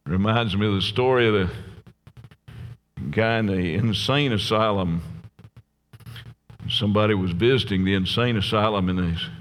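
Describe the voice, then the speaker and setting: Folksy preacher in an echoing church. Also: male voice, lowish voice. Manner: folksy, tells jokes, asks the crowd "Amen?". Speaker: pastor. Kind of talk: sermon. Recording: long reverb from a large church hall.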